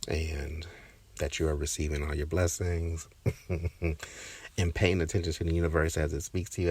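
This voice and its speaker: A man hosting a podcast, telling a personal story in a casual, reflective, halting way, often restarting his sentences and sometimes dropping to a whisper. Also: very deep voice, gravelly, a little mellow, husky. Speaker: podcast host.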